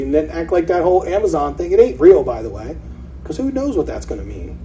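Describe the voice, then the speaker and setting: Brief: male presenter, quick and animated, dark tone, heard from a distance on a dull lo-fi recording. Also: fairly high pitch. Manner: animated, acts out quoted sellers. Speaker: meetup presenter. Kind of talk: casual seminar talk. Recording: distant mic, dull lo-fi sound, faint hiss.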